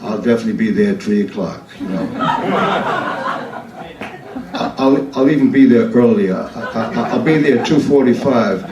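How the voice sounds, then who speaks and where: A man's voice: medium pitch, a little fast, roomy sound, far from the mic, muffled recording, heavy background noise, natural voice. An older man acting out an eager, rambling homeless man who stammers reassurances into an old phone receiver. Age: over 60.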